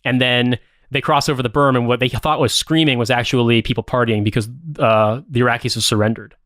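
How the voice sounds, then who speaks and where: A man's voice: medium pitch, steady tone, a little fast, a bit bright, no echo, studio quality. A man co-hosting a podcast, casually recapping a film plot in a rambling, profane way, with lots of "like" and "uh". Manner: rambling, profane, many fillers. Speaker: podcast co-host.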